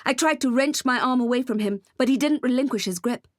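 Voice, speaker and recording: A woman reads a first-person audiobook with intense, emotional delivery. Her voice sits a little high, and the recording is close and dry, with no room echo at all. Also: fairly quick. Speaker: audiobook narrator.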